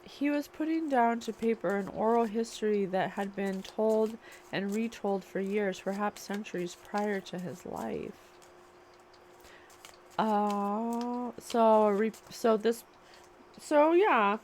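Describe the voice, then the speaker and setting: Slow, musing woman psychic reader. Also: mid-range voice, a little mellow, slight background noise. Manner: musing, questioning aloud to spirit. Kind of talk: channeling a spiritual reading.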